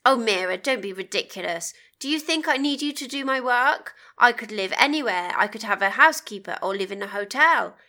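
Brief: woman reading a dismissive, penny-pinching husband, scornful and sharp-edged. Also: fairly high pitch, expressive, a little fast, few pauses. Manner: curt, scornful. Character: stubborn, tight-fisted middle-aged husband, dismissive.

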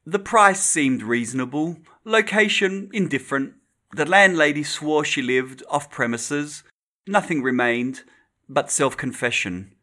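A man giving a dramatic poetry reading with measured, deliberate phrasing. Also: mid-range voice, lively intonation, sharp tone.

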